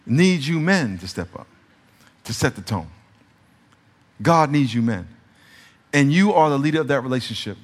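A male pastor preaching a conversational sermon, shifting between soft, confiding passages and emphatic peaks. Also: on the high side. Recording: reverberant church hall sound.

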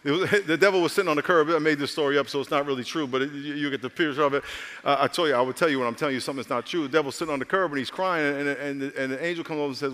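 Preaching pastor with hall reverb. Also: male voice, a little high, racing, fairly bright tone. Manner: preaching with humor and audience call-outs, voicing characters. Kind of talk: sermon.

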